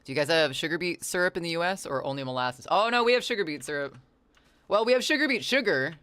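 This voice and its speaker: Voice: mid-range voice, lively intonation, quick pace, fairly bright tone, clean tone, dry recording. An adult game streamer chatting casually while playing, reading the chat aloud and answering it, with playful, rambling asides. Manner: playful wordplay and silly asides.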